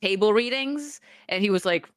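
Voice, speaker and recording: A woman hosting a casual podcast chat, telling animated stories and laughing often. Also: medium pitch, moderate pace, clean tone, dry recording, studio quality. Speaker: host.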